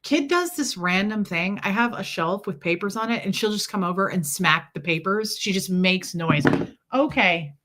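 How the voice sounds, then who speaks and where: Woman rambling away on her livestream at home, bright clear voice, chats to viewers and her pets. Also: medium pitch, moderate pace. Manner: rambling, chatty storytelling with asides to viewers and pets. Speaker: livestream host. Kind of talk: casual livestream chat.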